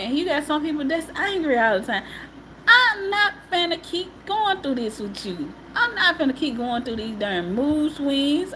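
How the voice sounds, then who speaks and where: High, lively-voiced woman venting on a livestream. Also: slight background noise, low-quality recording. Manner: emphatic and repetitive, often laughing; casual colloquial speech. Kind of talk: emotional live-stream monologue.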